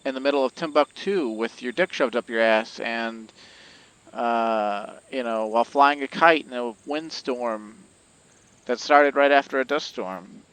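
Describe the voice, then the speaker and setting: A man's voice: mid-range voice, measured pace, a bit bright, clean tone. A man casually talking over his gameplay as a let's play host, rambling with lots of fillers and the odd swear. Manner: rambling, profane, filler-heavy. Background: game music.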